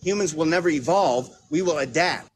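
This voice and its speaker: High-voiced man ranting angrily. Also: normal speed, slight background noise. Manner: angry, profane, talks over others. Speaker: debate guest. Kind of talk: heated online debate.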